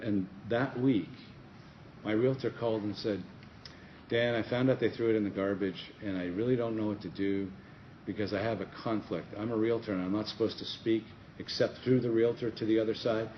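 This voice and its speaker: A middle-aged man tells a story to a conference session, slipping into the voices of the people in it. His voice sits a little low, and the recording is dull and lo-fi with a faint hiss. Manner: animated storyteller acting out dialogue. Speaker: pastor and conference speaker. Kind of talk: conference breakout talk, storytelling. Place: conference room.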